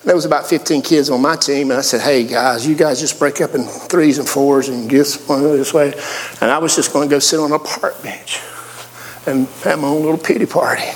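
A fairly high-voiced man with a Southern accent preaching to a church. His voice carries a long reverb through a large hall, and he slips from quiet, slow stretches into high, excited bursts. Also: slight background noise. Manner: folksy, swings from quiet to high excited pitch. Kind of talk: sermon with personal stories.

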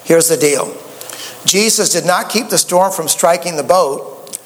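A man's voice: on the high side, unhurried, long reverb tail. A man preaching a sermon, a folksy storyteller who often stammers and restarts his sentences. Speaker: pastor.

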